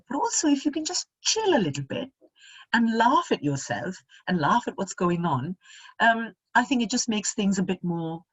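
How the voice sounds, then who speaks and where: Husky-voiced middle-aged woman musing aloud. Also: medium pitch, no room sound. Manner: reflective, thinking aloud. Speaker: interview guest. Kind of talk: casual conversational interview.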